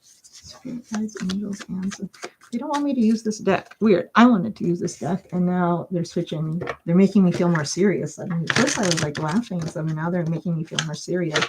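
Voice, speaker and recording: A woman's voice: fairly low pitch, fairly quick, few pauses, background noise. A woman doing a chatty live-stream tarot reading, thinking aloud with lots of fillers and giggling now and then. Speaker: tarot reader. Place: home.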